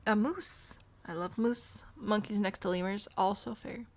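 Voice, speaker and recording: A woman game streamer offers casual let's-play commentary on a zoo-building game, thinking aloud and talking back to the animals. Her voice is mid-range and her pace unhurried.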